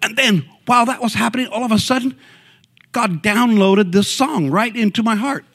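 A man sharing a fervent church testimony, his voice quiet and low at first, then rising to excited outbursts. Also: a little fast.

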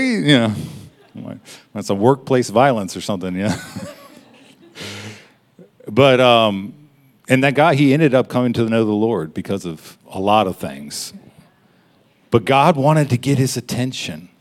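A man preaching in a conversational, personal way, stopping for quick laughs and honest asides as he addresses his listeners. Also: medium pitch, lively intonation. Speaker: pastor. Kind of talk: sermon.

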